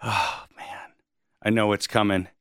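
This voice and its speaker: Man in his forties, interview host, bright edgy tone, curious questions, dry close sound. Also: fairly low pitch, level tone, measured pace, clear, resonant tone, no room sound. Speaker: podcast host. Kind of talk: casual interview chat.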